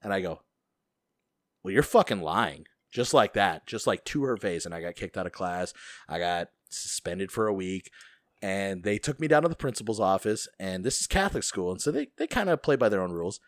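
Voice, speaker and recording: Low-voiced man swearing through a story. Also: a little fast, no echo, studio quality. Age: adult, school friend of co-host. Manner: profane, animated storyteller. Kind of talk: casual chat.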